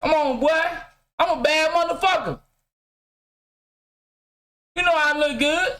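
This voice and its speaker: A man's voice: extremely high pitch, a little slow, sharp tone. A middle-aged man, ranting bluntly to his chat from his game room at home and swearing freely. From Mississippi. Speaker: vlogger. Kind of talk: casual profane rant to camera.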